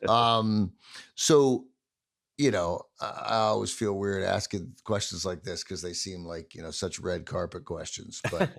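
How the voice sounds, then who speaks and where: A man's voice: deep voice, steady tone, measured pace, gravelly. A man hosting a podcast interview, asking long, rambling questions in conversation. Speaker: podcast host.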